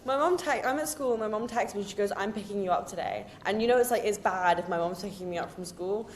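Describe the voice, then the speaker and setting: A woman's voice: medium pitch, a little hiss or hum. A young woman in her twenties, a podcast guest telling a story with laughter and lots of "like". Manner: quick, laughing, uses a lot of "like". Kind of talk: casual storytelling chat.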